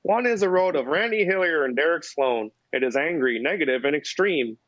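A man's voice: on the high side, lively intonation, fairly quick, a bit bright, dry recording. A man putting on the voice of a stiff middle-aged politician, reading a statement formally over a dull, lo-fi remote line. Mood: pompous.

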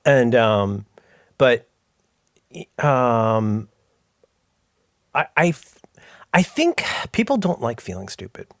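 A man's voice: mid-range voice, sing-song, slow pace, pauses often, dry recording, studio quality. A middle-aged man co-hosting a podcast, chatting casually in rambling, self-interrupting, jokey stories. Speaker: podcast co-host. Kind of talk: casual chat.

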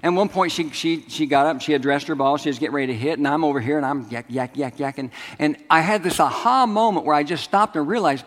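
A man's voice: on the high side, fairly quick, few pauses. A middle-aged man preaching a sermon, telling stories and calling on the congregation to respond. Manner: storytelling, asks the congregation to respond. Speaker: pastor. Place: large church sanctuary. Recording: long hall reverb.

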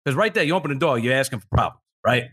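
A podcast co-host races through a casual story, swearing heavily and lively as he imitates the people in it. His voice is medium-pitched with a breathy edge.

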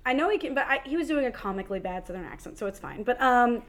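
A woman co-hosting a podcast in casual chat, chatty and quick to laugh. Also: a little high, expressive. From American South. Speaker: podcast co-host.

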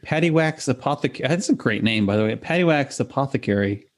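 A man co-hosting a casual chat, teasing with quick interjections. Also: medium pitch, animated. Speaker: podcast co-host.

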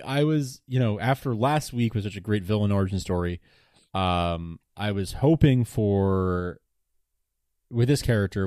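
A man with a fairly low voice co-hosting a podcast in an easygoing, casual chat. He stumbles through restarts and repeats words as he works out what he wants to say. The recording is dry and close. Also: a little mellow, no echo. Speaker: podcast co-host.

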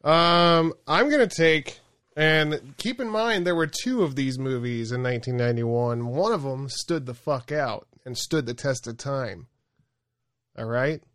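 A man's voice: medium pitch, measured pace, a bit bright, dry recording. A man co-hosting a podcast in casual chat, brash and profane with mock-aggressive banter. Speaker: podcast co-host.

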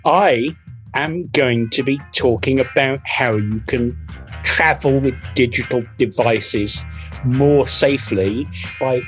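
A man, a podcast guest with a dry, deadpan way of talking. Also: mid-range voice, takes it slowly, faint music behind. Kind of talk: casual chat.

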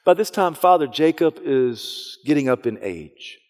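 A male pastor preaching a sermon, retelling a story dramatically, dropping to a hush and then rising loud. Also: fairly high pitch, lively intonation, measured pace. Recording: long hall reverb.

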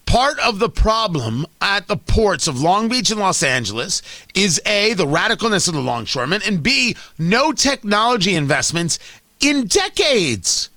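Fired-up high-voiced male talk host. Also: moderate pace, dry recording, studio quality. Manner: animated, ranting, sarcastic. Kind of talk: opinionated political monologue.

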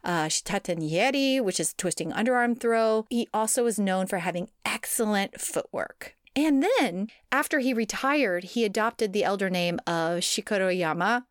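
A woman's voice: medium pitch, normal speed, hardly any pauses, no room sound. Chatty woman telling a story, dry sound. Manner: storytelling, laughing, lively digressions. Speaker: podcast co-host telling a sumo history. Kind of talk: casual chat.

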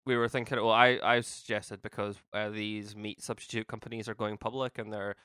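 A young man with a fairly low voice chats on a podcast, ribbing his co-host in a dry, sarcastic way. The sound is close and dead, with no room around it. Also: level tone, a little fast, bright, forceful tone, clear, resonant tone, dry recording. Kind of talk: casual chat.

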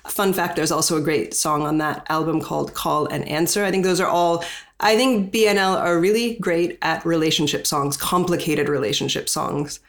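A woman host with a low, gravelly voice leads a relaxed podcast interview. She wanders off on tangents and fills gaps with "um". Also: normal speed. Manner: rambling, with many fillers and tangents. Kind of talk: conversational interview.

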